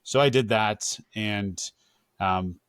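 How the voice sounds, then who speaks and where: A man's voice: fairly low pitch, slow, a bit bright, clean tone, no echo, clean studio sound. A man in his thirties, a podcast host, speaking openly and reflectively about his own life. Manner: open, reflective, with fillers. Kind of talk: candid conversational storytelling.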